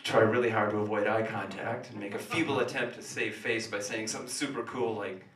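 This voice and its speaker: A man performing a stand-up comedy monologue in a small café, telling an animated story that swings between hushed asides and sudden loud outbursts. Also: fairly low pitch, fairly quick. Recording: roomy café sound from a distant camera.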